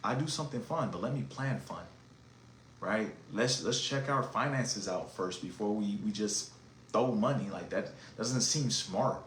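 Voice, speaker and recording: A man hosting a casual podcast monologue, talking in an emphatic, animated, slangy and preachy way. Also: fairly low pitch, measured pace, a little hiss or hum. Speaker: podcast host. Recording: echoey room with faint ambience.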